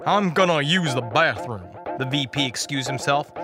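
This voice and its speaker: A man as guest preacher, reading a dark comic story in a wry, dramatic way. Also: mid-range voice, animated, moderate pace. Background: music.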